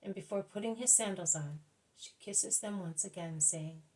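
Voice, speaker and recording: A woman reading a devotional book aloud at a careful, measured pace, now and then correcting herself. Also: on the low side, darkish tone, poor audio. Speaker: audiobook reader.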